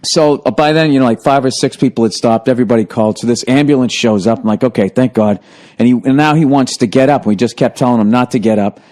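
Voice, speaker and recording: A man's voice: mid-range voice, fast. A man hosting a podcast, telling a story in casual chat with heavy swearing and bursts of laughter. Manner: profane, animated, breaks into laughter. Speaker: podcast host.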